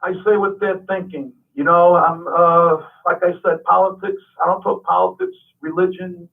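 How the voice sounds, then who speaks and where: A man's voice: high voice, normal speed, gravelly. A man who is a comedian guest, talking animatedly and emphatically in a radio interview. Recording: tinny phone-like radio sound from the mic's distance.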